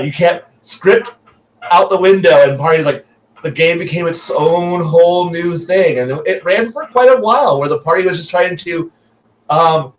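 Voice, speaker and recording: A man with a voice a little higher than most tells a wandering anecdote, stacking fillers and restarts as he goes. He sounds set back from a distant microphone, as on an online call. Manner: rambling, tangent-prone storytelling with many fillers. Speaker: podcast panelist game master. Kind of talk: casual chat.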